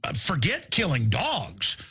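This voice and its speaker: A man's voice: fairly high pitch, wildly swooping pitch, slow pace, pushed and bright, slightly rough. A male talk radio host delivering a rambling, indignant live monologue.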